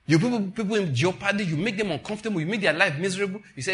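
A middle-aged man, preaching a sermon as a pastor in an animated, conversational way. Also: sits high, racing. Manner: animated and conversational, acting out dialogues.

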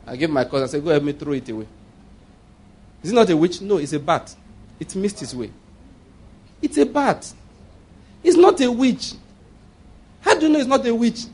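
A Nigerian-accented man preaching with a high, husky voice that swings widely in pitch. He mixes playful storytelling with firm, preacherly declarations. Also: very animated, normal speed, long pauses, darkish tone. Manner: humorous, storytelling, laughs often. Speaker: pastor. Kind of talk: sermon.

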